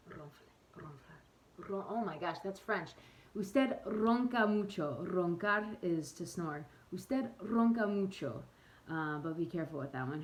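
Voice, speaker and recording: A woman's voice: low-pitched, a little hiss or hum, poor audio. A woman giving a casual spoken lesson to camera in a chatty way, often correcting herself with amused asides. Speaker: travel vlogger teaching phrases.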